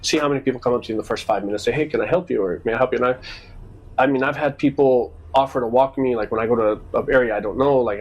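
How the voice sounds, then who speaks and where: Husky man telling stories animatedly. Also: medium pitch, poor audio. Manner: animated storyteller acting out quoted exchanges. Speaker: podcast co-host. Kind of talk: casual storytelling chat.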